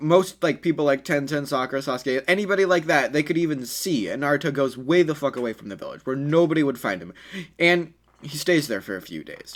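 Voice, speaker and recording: A man's voice: mid-range voice, a bit bright. A man telling an improvised fan story in a casual, rambling way, with many fillers and self-corrections.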